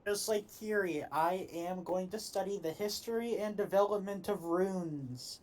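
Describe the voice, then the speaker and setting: A woman's voice: medium pitch, measured pace, a little mellow, rough recording. A woman player in a tabletop game, chatting in a teasing way. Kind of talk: casual chat at a tabletop game.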